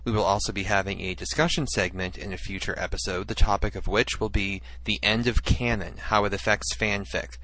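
A man's voice: lowish voice, steady tone, a little fast, hardly any pauses, pushed and bright, no echo, rough recording. A man co-hosting a fan podcast in casual chat, stumbling over his lines and laughing at his own slips. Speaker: podcast co-host.

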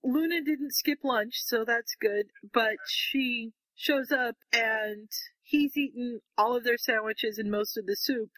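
A woman chatting on a podcast, recapping a story with lively energy. She acts out snatches of the characters' dialogue as she goes. The recording is dry and close. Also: fairly high pitch, slow pace, hardly any pauses, no echo, poor audio. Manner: animated, acts out the characters' lines while recapping. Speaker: podcast co-host. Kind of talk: casual chat retelling a fan fiction story.

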